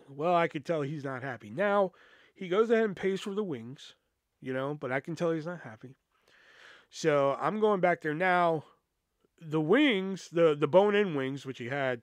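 A man's voice: on the high side, a bit bright, no echo, studio quality. A man hosting a podcast, telling work stories in a casual, profane, laid-back way. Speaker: podcast host. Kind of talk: casual storytelling.

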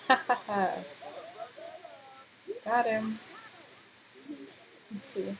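A young woman talks over her gameplay in a relaxed, drawn-out way, her voice sitting a little high. She reacts with excited outbursts and laughter. A faint hum of noise sits under the recording. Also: rough recording. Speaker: gameplay commentator. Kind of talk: casual let's-play commentary.

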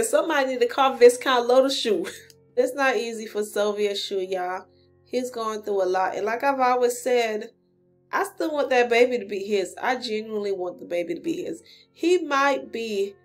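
A woman giving casual commentary on a webtoon chapter, talking straight to her viewers in a sassy, animated way. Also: a little high. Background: faint guitar music.

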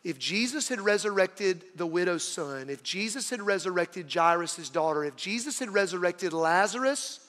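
Dramatic pastor preaching in a reverberant hall. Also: male voice, high-pitched, animated, moderate pace, few pauses. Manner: dramatic storytelling, swinging from loud to hushed. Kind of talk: sermon.

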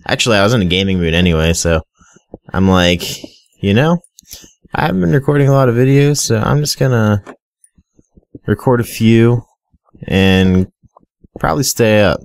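A man's voice: low voice, dry recording, studio quality. A young man giving casual, rambling Minecraft commentary, often stuttering and talking straight to his viewers. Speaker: gaming video creator.

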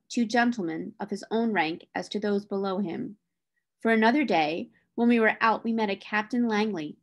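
A woman reading a classic novel aloud in a measured storytelling manner. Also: medium pitch. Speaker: reader.

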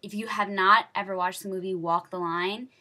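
A teenage girl tells the story of her day in a chatty, casual vlog, her medium-pitched voice bright and forward at a moderate pace. She gushes excitably, filling her sentences with "like" and jumping from one thought to the next.

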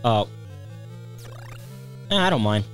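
A young man playing a video game and chatting casually, relaxed, explaining game mechanics with casual swearing. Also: fairly low pitch, takes it slowly. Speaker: player in a let's play. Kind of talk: casual gaming chat. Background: faint game music.

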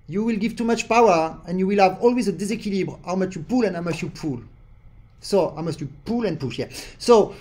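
This accordion teacher has a high voice with a darkish tone. Coaching a student over a remote lesson in non-native English, he points out corrections and sings rhythms on syllables.

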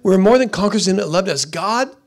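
A man's voice: sits high, expressive, fast talker. A man preaching a sermon as pastor, emphatic and given to repeating phrases.

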